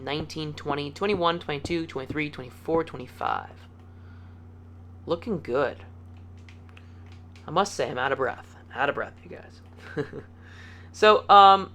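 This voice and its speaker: Upbeat man hosting a casual building tutorial, counting blocks aloud; bright, keen voice with a faint hum behind. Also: a little high. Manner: upbeat and chatty, playful words, easygoing. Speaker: video game tutorial host.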